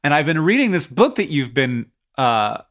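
Lively, laughing man co-host. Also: on the high side, normal speed. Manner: animated, laughing, earnest. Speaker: podcast co-host. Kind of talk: casual chat.

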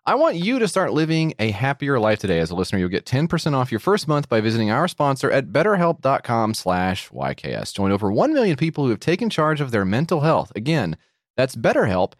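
A man's voice: medium pitch, huge pitch swings, brisk, no room sound, studio quality. A man co-hosting a comedy podcast who reads a sponsor ad casually and keeps riffing and joking off-script. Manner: jokey, riffing, drifts off-script. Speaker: podcast co-host reading ads.

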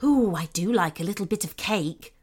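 A woman's voice: medium pitch, lively intonation, normal speed, a little mellow, breathy edge, faint music behind. A woman voicing a friendly, thoughtful male companion in a children's story. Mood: musing.

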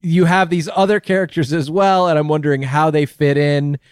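A man running a comedy interview with a straight face, posing long, rambling questions. His voice is smooth and resonant, recorded dry and close. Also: medium pitch, no echo. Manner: mock-serious, rambling questions. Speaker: host.

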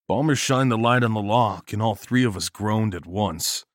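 A man narrates a horror story in steady first person, with a fairly low voice. The sound is dry and close, with no room around it. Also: moderate pace, dry recording.

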